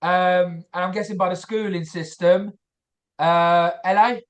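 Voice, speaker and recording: A man's voice: high voice, fairly even intonation, a little slow. A man from London with a London accent, hosting a comedy podcast in a jokey, casual way and swearing freely. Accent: London English. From London, England. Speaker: podcast host.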